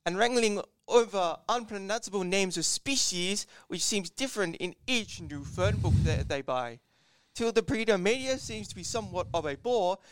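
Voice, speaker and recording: A man voicing a pretentious old-fashioned male newspaper reporter in a wordy, declamatory reading. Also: high voice. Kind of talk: dramatic reading of an old quote.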